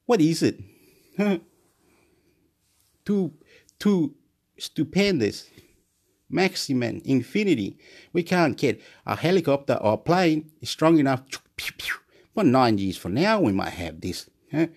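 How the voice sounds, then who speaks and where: Excitable rambling man. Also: a little high, takes it slowly, long pauses. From Chile. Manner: excitable, swinging between loud boasting and quiet muttering; repeats words over and over, laughs to himself. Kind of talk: rambling monologue.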